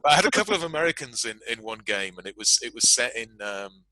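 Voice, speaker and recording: A man's voice: mid-range voice, very animated, fast, pushed and bright, poor audio. A British man moderating a panel discussion in a chatty, self-deprecating way, laughing often.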